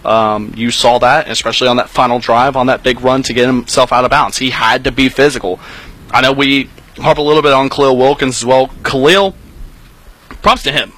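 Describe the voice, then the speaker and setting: A man's voice: medium pitch, fairly even intonation, fairly quick, a bit bright, rough recording. A man on a postgame football show, giving emphatic analysis in long, building runs. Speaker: sideline reporter on a postgame show.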